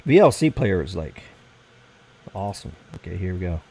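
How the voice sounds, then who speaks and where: A man's voice: low voice, very animated, normal speed, dark tone, slightly rough, rough recording. An American man hosting a casual late-night livestream, rambling and swearing as he fiddles with his computer. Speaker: livestream host.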